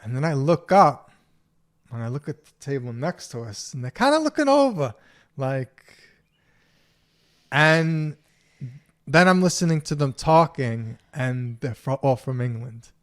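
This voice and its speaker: A man co-hosting a podcast, his voice sitting in an ordinary middle pitch. He chats casually, teases his co-host and breaks into laughter often. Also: animated, measured pace, long pauses. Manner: joking, teasing, laughs often. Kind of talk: casual chat.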